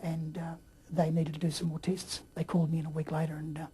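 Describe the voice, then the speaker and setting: A man telling his story in a rambling way, with many fillers and throat clearing. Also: a little high, completely flat delivery, quick pace, warm tone. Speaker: interview guest. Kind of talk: casual storytelling.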